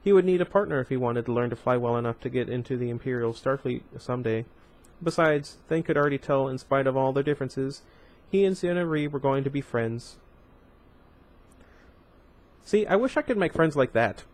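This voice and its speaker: A man's voice: mid-range voice, a little fast, darkish tone. Man casually reading a novel aloud. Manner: casual, with chatty asides and self-corrections. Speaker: book reader.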